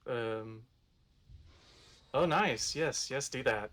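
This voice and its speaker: A man chatting casually with a teammate while playing, easygoing and asking quick questions. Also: medium pitch, a bit bright. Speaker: teammate on voice chat. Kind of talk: casual game chat.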